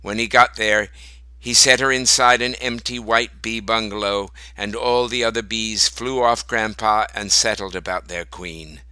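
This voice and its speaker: A man reading a short story aloud as narrator, slow and deliberate. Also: on the low side, steady tone, bright, forceful tone, clear, resonant tone, no echo, rough recording.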